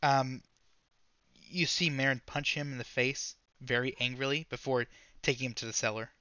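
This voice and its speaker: A man narrating as game master of a tabletop game, casual and halting with fillers. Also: mid-range voice, steady tone, bright, forceful tone, smooth, dry recording, dull audio.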